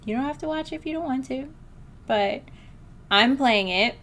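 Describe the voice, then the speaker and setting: A woman hosting a gaming video, chatting in a bubbly, excitable let's-play style. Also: high-pitched, normal speed.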